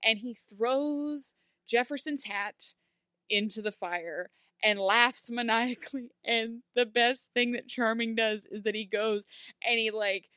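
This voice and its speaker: A woman in casual chat, recapping a TV episode with sarcastic, animated commentary and plenty of filler words. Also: a little high, unhurried, smooth, no room sound, clean studio sound. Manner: animated, sarcastic, lots of "like" fillers, acts out quotes. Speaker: podcast co-host recapping a TV episode.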